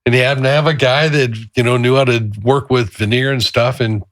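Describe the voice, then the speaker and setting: A man co-hosting a faith-based podcast about fatherhood, telling stories in a casual, animated way. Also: mid-range voice, fairly quick, no room sound, clean studio sound. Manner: animated storyteller, acts out quotes loudly. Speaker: podcast co-host. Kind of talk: casual chat with storytelling.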